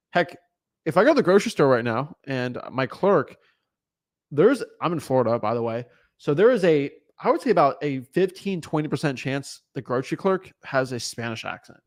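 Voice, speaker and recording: A young man giving an energetic motivational talk as a real estate coach, emphatic and often asking "right?". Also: a little high, brisk. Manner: emphatic, repeats words, asks "right?" often.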